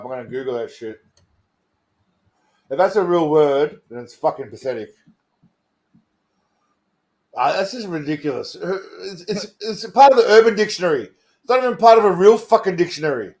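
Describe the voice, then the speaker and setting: Guy with a slightly high voice joking around on a stream, swears a lot, laughs a ton. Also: lively intonation, moderate pace, long pauses, a little mellow. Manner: crude, mocking, laughs often, talks to chat. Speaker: stream host. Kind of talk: casual comedic live-stream chat.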